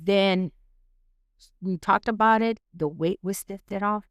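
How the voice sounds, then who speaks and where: A woman's voice: medium pitch, slow pace, no room sound, clean studio sound. A middle-aged woman talking as a guest in a casual heartfelt conversation, hesitant and restarting often, searching for words with "you know" and "um". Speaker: guest, the host's mother.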